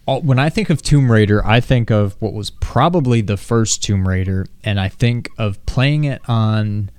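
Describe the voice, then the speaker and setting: Low-key man with a deep, dry voice. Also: moderate pace, a little mellow, clear, resonant tone, no room sound. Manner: low-key, trailing off, unenthused. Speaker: podcast co-host. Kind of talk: casual gaming chat.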